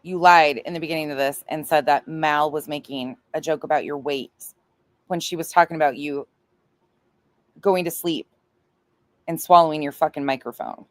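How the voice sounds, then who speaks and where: A woman's voice: deep voice, normal speed, no echo. A woman host giving blunt, profane, scornful reaction commentary on a clip she plays.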